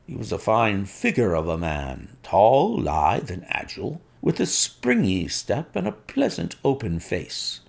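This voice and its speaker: A man narrating a classic story in an expressive, unhurried way. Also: on the low side, creaky. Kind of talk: storybook reading.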